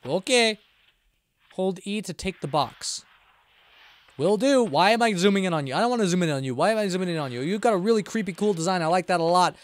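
Male streamer, high and very animated, playful and jokey, banters with the game's characters. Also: quick pace. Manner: playful, jokey, talking back to game characters; rambling self-talk with frequent restarts. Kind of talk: live gameplay commentary.

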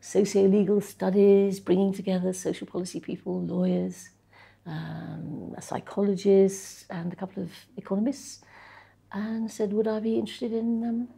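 An older woman in an interview, telling stories about her research career in a chatty, anecdotal way, with soft laughs and frequent pauses. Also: medium pitch, level tone, gravelly, breathy edge. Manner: anecdotal, chuckling, with frequent ums and restarts. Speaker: interviewee, social policy researcher. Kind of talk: reflective conversational interview.

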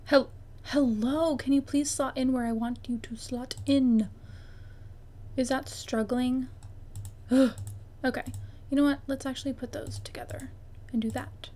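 A woman's voice: sits high, steady tone, a little slow, long pauses, mellow. A young woman chatting casually while playing a life-sim game, bubbly and exclaiming, often talking straight to the objects on screen. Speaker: gaming YouTuber. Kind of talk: casual gameplay commentary.

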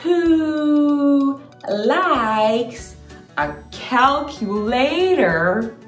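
A woman's voice: sits high, expressive, very slow. A young woman hosting a children's learning video in a sing-song, exaggerated, playful way. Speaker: children's educator host. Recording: echoey room with faint music.

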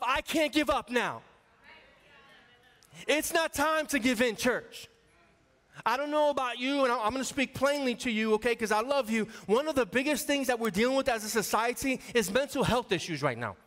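A man in his forties preaches with a notably high, bright voice, telling stories and calling out to the congregation. His voice carries a long reverb that fills the church sanctuary around him. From New York area. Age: 40s. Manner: conversational, storytelling, calls out to the congregation. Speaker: associate pastor. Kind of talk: sermon.

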